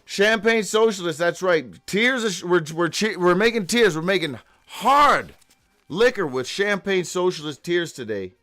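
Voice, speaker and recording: This high-pitched, fairly bright male voice has a lively intonation and an unhurried pace. He's the host of a daily live show, reading a rambling, profane monologue from his notes, stumbling as he goes, jumping from thought to thought and letting out sudden whoops.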